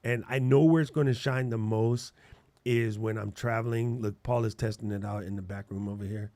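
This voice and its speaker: A middle-aged man co-hosting a podcast in casual chat, animated and playful, full of slang and mouth-made sound effects. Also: fairly low pitch, moderate pace, no echo. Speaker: podcast co-host.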